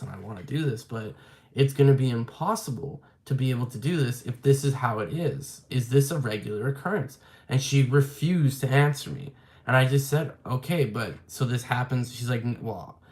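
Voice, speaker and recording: A young man venting in a casual vlog, frustrated and rambling, full of filler likes. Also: mid-range voice. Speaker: vlogger.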